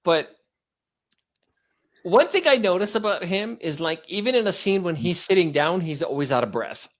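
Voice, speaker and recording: Hoarse man, lively podcast banter. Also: high-pitched, normal speed. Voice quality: animated, joking. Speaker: podcast co-host. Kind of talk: casual chat.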